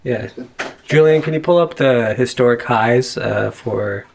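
A man's voice: mid-range voice, unhurried, gravelly, slight background noise. Skeptical man in an echoey room. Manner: questioning, skeptical remarks. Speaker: podcast co-host. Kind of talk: casual chat.

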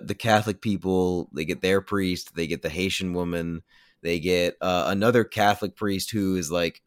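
A deep-voiced man rambles through a casual spoiler recap of a movie for a podcast, filling it with "like" and blunt, careless opinions. It's clean studio sound with no echo.

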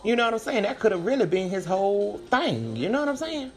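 A talkative woman hosts her own podcast and riffs on the news in casual, slang-filled commentary. Her voice is mid-pitched and lively, jumping between loud bursts and quiet asides. Faint music plays underneath. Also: quick pace. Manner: animated, chatty, slangy, swings between loud and soft. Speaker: podcast host.

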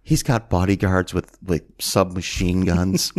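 A man's voice: low-pitched, a little slow. A man co-hosting a podcast, recapping a movie in casual chat, acting out the lines in voices and laughing often. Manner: animated storytelling, acts out quotes in voices, laughs often. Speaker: podcast co-host.

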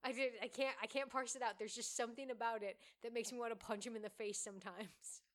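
A woman with a fairly high voice co-hosting a casual movie podcast. She is blunt and snarky, swearing freely as she gives her opinions. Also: fairly even intonation, fast talker. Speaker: podcast co-host. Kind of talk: casual movie-review chat.

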